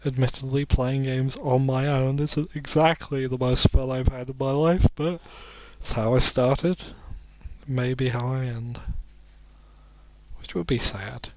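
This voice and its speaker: A man's voice: medium pitch, steady tone, measured pace, dry recording. A sleepy man commentating a video game, rambling and making self-deprecating jokes between muttered asides. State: sleepy, yawning. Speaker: let's play commentator.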